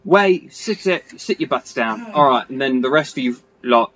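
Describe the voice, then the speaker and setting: A man's voice: mid-range voice, animated, moderate pace, fairly bright tone, dull audio. A man playing a touchy, theatrical male pirate leader who rambles defensively. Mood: exasperated.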